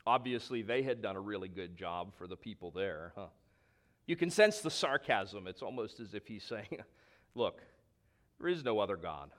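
A man's voice: fairly low pitch, expressive, normal speed, a bit bright. A man preaching a sermon, emphatic, stretching key words for stress and dropping in conversational asides. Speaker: pastor.

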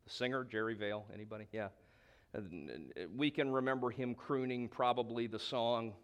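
A man's voice: medium pitch, moderate pace, smooth. A man preaching a sermon, emphatic, stretching key words for stress and dropping in conversational asides. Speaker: pastor.

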